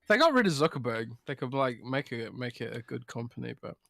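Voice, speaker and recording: A man's voice: medium pitch, very animated, quick pace, creaky, fairly bright tone, no room sound. A man co-hosting a casual podcast chat, drunk and slurring his words, talking in a loose, rambling, sweary way. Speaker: podcast co-host.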